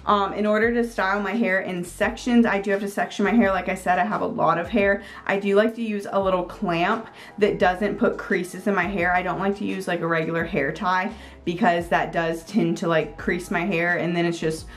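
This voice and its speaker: A woman's voice: on the low side, fairly even intonation, moderate pace. Chatty woman vlogger reviewing products. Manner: chatty, filler-heavy with frequent "like" and "um"; upbeat, gushing. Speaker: beauty vlogger.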